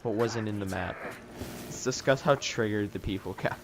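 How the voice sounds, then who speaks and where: A man's voice: lowish voice, moderate pace, background noise. Sarcastic man ranting over gameplay. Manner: swears freely and jokes at other players. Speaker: gaming YouTuber. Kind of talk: casual gameplay commentary.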